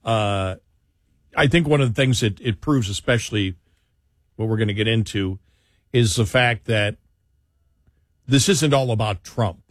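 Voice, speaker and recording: A man's voice: fairly low pitch, a little slow, long pauses, no room sound, clean studio sound. A man hosting a talk radio show, chatting casually and rambling with frequent restarts and fillers.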